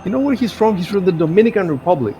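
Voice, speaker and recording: A man hosting a live game stream, chatting casually with a slightly higher than average voice. He rambles and halts, often restarting his sentences as he goes. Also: very animated, mellow. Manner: rambling, halting, frequent restarts. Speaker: stream host. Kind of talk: casual chat.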